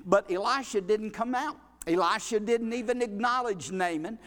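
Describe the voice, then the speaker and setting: A male pastor, preaching a folksy, animated sermon in a church, with frequent restarts. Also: sits high, moderate pace. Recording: long reverb of a hall.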